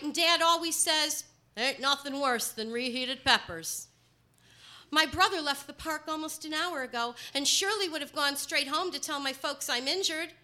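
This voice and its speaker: A woman from Chicago telling a personal story, partly in rhyming verse, moving between hushed and emphatic delivery. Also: high-pitched. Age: adult.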